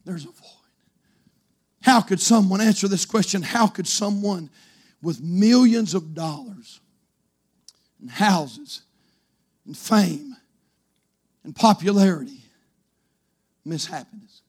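A male preacher giving a sermon in church, swinging from shouted exclamations to a hushed near-whisper. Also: sits high, takes it slowly, pauses often, breathy edge.

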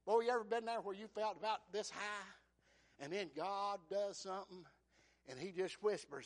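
A man's voice: high-pitched, normal speed. A man preaching a sermon, folksy and conversational, retelling scripture as dialogue and asking the congregation for an amen.

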